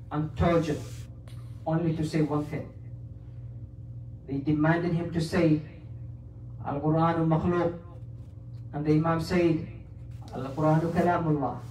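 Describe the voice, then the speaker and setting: A man's voice: fairly high pitch, a little mellow, roomy sound, recorded from a distance, slight background noise, poor audio. A man with a Somali accent preaching a Friday sermon in a mosque, earnestly mixing English with quoted Arabic. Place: mosque prayer hall.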